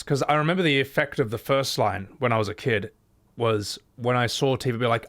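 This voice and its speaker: A man's voice: medium pitch, animated, fast, a bit bright, faint music behind. Playful man streaming. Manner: playful, laughs often, swears. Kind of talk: casual reaction commentary.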